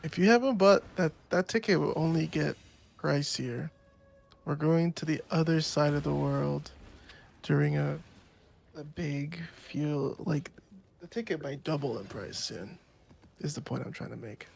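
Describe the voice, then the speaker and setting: A man's voice: fairly high pitch, measured pace, vocal fry, darkish tone, slight background noise. A young man streaming a game, chatting casually with a friend, joking and laughing often. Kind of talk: casual gaming chat.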